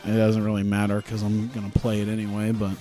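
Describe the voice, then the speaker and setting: A man's voice: fairly low pitch, completely flat delivery, fast, dark tone, soft background music. A man streaming a video game, chatting casually with a rambling, sarcastic manner and frequent laughs. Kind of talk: casual gameplay commentary.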